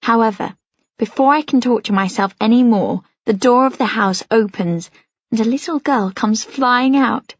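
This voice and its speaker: A woman reads a first-person novel for an audiobook in a husky, breathy, rather high voice, gentle and even at a normal pace. The close, dry studio recording has no echo and a slightly dull, muffled tone.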